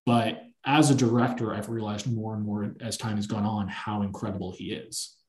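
Man, podcast host, casual film chat, animated anecdotes, echoey room. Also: lowish voice, moderate pace. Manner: animated, long-winded anecdote telling.

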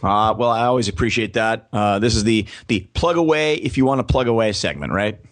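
A man speaking as a guest on a sports podcast, talking in a measured way and spelling out his website slowly. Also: fairly low pitch, animated. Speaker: guest, press box announcer and career coach. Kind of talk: podcast interview.

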